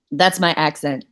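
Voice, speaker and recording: A woman with a slightly low voice chats casually over a video call, full of self-deprecating jokes and quick laughs. Her computer mic gives the sound a faint tinny edge. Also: vocal fry, fairly bright tone. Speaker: co-host.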